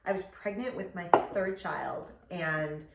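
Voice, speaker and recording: A woman's voice: fairly low pitch, measured pace, creaky. A woman from Chicago co-hosting a casual home cooking demo, reading the recipe aloud in a chatty, giggly way with small stumbles. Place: home kitchen. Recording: echoey kitchen with background noise.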